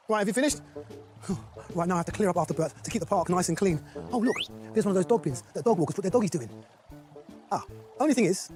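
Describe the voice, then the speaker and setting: A goofy dog walker in a kids show, chatty, talks to the dog, loud music underneath. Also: male voice, high voice. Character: cheerful bumbling male dog walker. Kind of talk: children's show acting. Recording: voice over loud background music.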